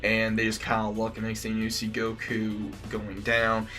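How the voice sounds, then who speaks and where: Low-voiced man rambling through a recap. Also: monotone, moderate pace, sharp tone, faint music behind. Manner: rambling play-by-play with fillers and repeated "he says". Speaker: anime episode reviewer. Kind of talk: casual episode recap.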